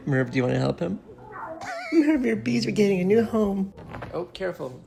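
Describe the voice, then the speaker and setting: A woman's voice: medium pitch, wildly swooping pitch, moderate pace, creaky, over music. A woman talking to her cat at home in playful, teasing baby talk, giggling often. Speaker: pet owner.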